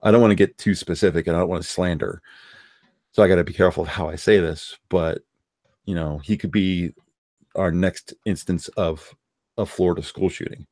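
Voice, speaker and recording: A man's voice: low-pitched, fairly even intonation, brisk, darkish tone, no room sound, studio quality. A man hosting a live stream, giving blunt, rambling opinions in casual chat. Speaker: streamer hosting a call-in discussion.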